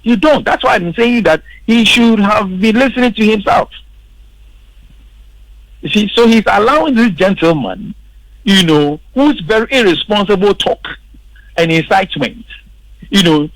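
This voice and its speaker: Emphatic man, high gravelly voice. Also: expressive, normal speed, a bit bright, dry recording, low-quality recording. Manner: emphatic, repeats words for stress. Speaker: political commentator. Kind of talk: radio panel discussion. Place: radio studio.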